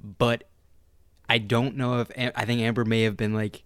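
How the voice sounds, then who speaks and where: A man's voice: mid-range voice, level tone, normal speed, smooth, dry recording. Laid-back man joking about a film. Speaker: podcast co-host. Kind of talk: casual film commentary.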